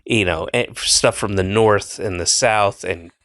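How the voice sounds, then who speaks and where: A man's voice: on the low side, a little slow, fairly bright tone, no room sound, studio quality. A man hosting a podcast in casual chat, rambling and jokey, swearing freely and mimicking voices as he tells stories. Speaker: podcast host.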